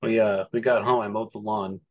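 A man's voice: lowish voice, steady tone, brisk, muffled recording. A man chatting casually in an easygoing way. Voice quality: gravelly. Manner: easygoing, brief replies. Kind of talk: casual chat.

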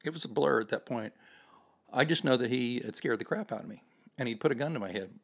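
A man's voice: mid-range voice, quick pace, a bit bright. A man hosting a podcast, telling a personal story in a conversational, self-deprecating way with frequent fillers. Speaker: podcast host.

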